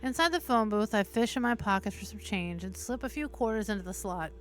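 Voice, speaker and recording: Woman streamer reading game text, steady narration with sweary asides, faint music behind. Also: mid-range voice, fairly quick. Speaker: streamer, host. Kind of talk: reading a visual novel aloud with asides.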